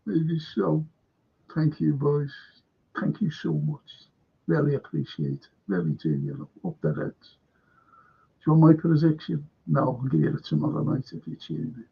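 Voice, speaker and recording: A man hosts a casual live fan stream, drawling through anecdotes and breaking into laughter as he swears freely. His voice is gravelly and slightly husky, set a little higher than usual. The audio is dull and lo-fi. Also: sing-song, normal speed. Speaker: host of a football fan show.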